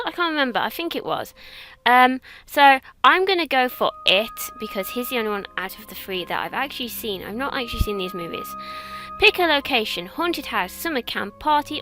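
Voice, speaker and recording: A young woman with an English accent talks through an online quiz in a loose, rambling way, often joking at her own expense. Her voice is bright and sits a touch high. Faint music plays under her. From England. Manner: chatty, rambling, self-mocking. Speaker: YouTuber. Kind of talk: casual quiz commentary.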